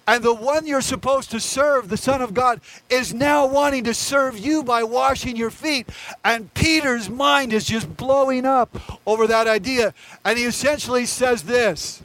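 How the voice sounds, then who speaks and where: High-voiced man preaching a sermon. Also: a bit bright, low-quality recording. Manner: earnest, conversational preaching. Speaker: pastor.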